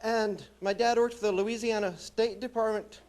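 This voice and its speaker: A young man from New Mexico doing a stand-up comedy set with a deadpan, wry delivery. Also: high voice, normal speed. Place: small college theatre stage.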